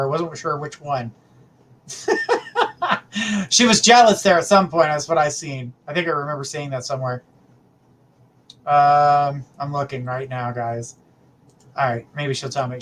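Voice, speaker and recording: A man's voice: a little high, a bit bright. A middle-aged man hosting a live psychic reading stream, chatting casually and affectionately with viewers. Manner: chatty, affectionate, calls viewers sweetheart and honey. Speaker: psychic reader, livestream host.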